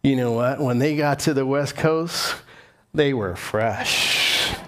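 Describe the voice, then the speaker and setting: A man's voice: mid-range voice, slow, fairly bright tone. A middle-aged man preaching a sermon as pastor, earnest and climbing to impassioned emphasis.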